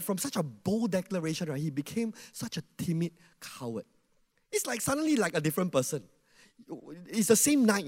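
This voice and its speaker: High, animated man preaching in a hall. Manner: animated, questions the audience, acts out quotes. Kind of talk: sermon.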